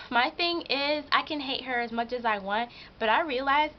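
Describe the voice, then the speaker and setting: A teenage girl with a high voice talks at a moderate pace, telling a chatty, emotional story about her job and leaning on "like" a lot. She's vlogging from a hot room at home, and the dull audio carries a little hiss or hum.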